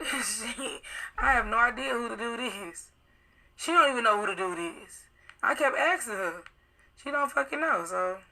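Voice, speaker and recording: A young woman with a gravelly, bright voice recounts a night out in loose, profane storytelling. She acts out the other people's lines as she goes. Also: on the high side, expressive, poor audio. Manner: profane, rapid storytelling acting out quoted dialogue. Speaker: witness telling her account. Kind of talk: casual recounting on live video.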